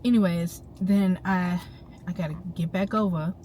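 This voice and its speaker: A young woman telling a story straight to her viewers in an animated, slangy way while she drives. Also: lowish voice, moderate pace, far from the mic, poor audio. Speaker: vlogger. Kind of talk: casual storytelling to camera. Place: inside a car while driving. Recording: loud car road noise. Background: loud road and engine noise.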